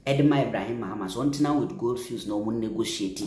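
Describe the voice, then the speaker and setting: A man with a Ghanaian accent giving impassioned political commentary, emphatic, repeating phrases and bursting into louder stretches. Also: lowish voice, fast talker, reverberant. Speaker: social media commentator.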